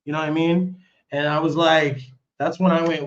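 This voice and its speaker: A man's voice: a little high, level tone, normal speed, dull audio. A man telling a story on a live stream in casual, rambling talk, cursing and restarting his sentences often. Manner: rambling, profane, with many restarts.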